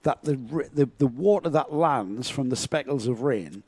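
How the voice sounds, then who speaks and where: A man's voice: medium pitch, expressive, normal speed, darkish tone, breathy edge, no echo. A man co-commentating a live karting race, talking steadily and reading out the grid order.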